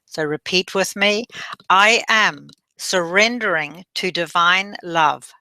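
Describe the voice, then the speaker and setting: A woman guides a meditation at an unhurried, drawn-out pace, her low-set voice carrying a bright, forward edge. She leads breathing cues softly and has listeners repeat affirmations after her, close and dry on the mic. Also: dry recording. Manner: slow, gentle instructions with repeat-after-me affirmations.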